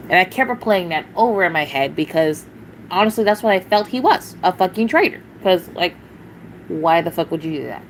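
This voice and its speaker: A woman's voice: lowish voice, lively intonation, fairly quick, slight background noise, poor audio. Blunt, cursing woman venting on a stream. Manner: blunt, profane and exasperated; rambling, with sighs and short laughs. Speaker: livestreamer. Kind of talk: casual venting livestream.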